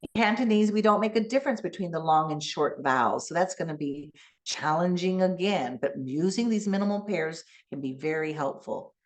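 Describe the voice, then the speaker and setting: A middle-aged woman giving a conference keynote, teacherly and animated, coaching the audience through speech sounds. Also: lowish voice, normal speed. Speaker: keynote speaker.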